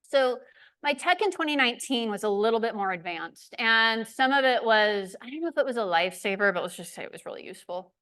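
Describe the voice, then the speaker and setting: A woman giving a community presentation, telling a lively, self-deprecating hiking story. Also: on the high side, a little fast, smooth. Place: lecture room.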